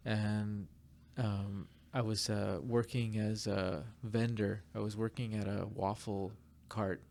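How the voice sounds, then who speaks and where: A man casually telling a rambling, animated story on a podcast, full of fillers. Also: on the low side, slow pace, creaky. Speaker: podcast guest.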